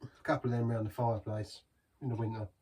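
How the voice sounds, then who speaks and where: A man's voice: mid-range voice, little pitch movement, fast talker, mellow, recorded from a distance, slight background noise. A man reviewing a beer in a chatty, rambling way, savouring each sip. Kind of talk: casual beer review vlog.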